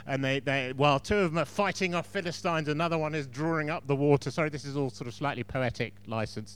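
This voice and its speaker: A man's voice: medium pitch, a bit bright, clean tone. A man preaching a sermon in a chatty storytelling way, with frequent asides to the congregation.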